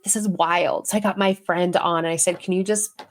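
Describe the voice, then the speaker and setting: Woman guest, casual and animated storyteller who acts out quoted voices. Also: lowish voice, normal speed, a little hiss or hum. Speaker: guest, intuitive healer and medium. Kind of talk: casual storytelling in a podcast interview.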